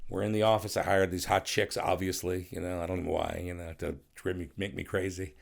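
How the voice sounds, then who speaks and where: A man's voice: low voice, little pitch movement, fairly quick, creaky. A middle-aged man who is a guest on a podcast, telling rambling, profane stories in a casual interview and acting out other people's voices.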